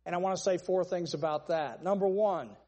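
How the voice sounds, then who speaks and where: A man's voice: high voice, brisk, dark tone, big-room sound. A man preaching a sermon, stressing points through long repeated lists. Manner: emphatic, repetitive list-style preaching.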